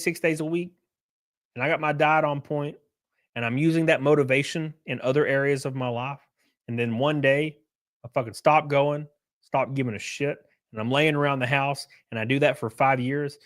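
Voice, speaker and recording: A man hosting a livestream, answering chat messages in a brash, profane, animated way. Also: medium pitch. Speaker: livestream host reading chat.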